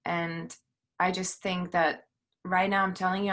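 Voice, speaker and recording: A middle-aged woman speaks on a video call from her home, her voice set slightly low. She tells her story earnestly and haltingly, full of fillers and restarts. She is emotional, close to tears. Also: little pitch movement, a bit bright. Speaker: panelist, film producer. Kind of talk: personal testimony on a panel.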